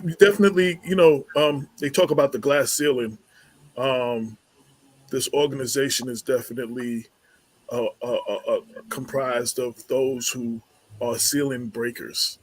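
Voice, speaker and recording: Male radio host, husky tone, dry sound, stumbles and repeats words, casual talk. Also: mid-range voice, no room sound. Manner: halting, lots of repeated words and fillers.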